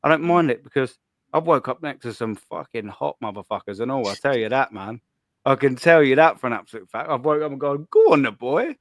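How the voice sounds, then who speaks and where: Bloke banter, crude jokes, dry close mic. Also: male voice, medium pitch, fairly quick, no echo. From England. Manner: crude joking, slangy, ends lines with "do you know what I mean". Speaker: podcast co-host. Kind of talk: casual banter.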